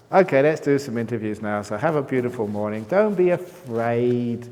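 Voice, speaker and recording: A man's voice: mid-range voice, a little mellow, a little hiss or hum. A man giving a dharma talk at a meditation retreat as its teacher, in a playful, joking manner. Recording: long reverb of a hall.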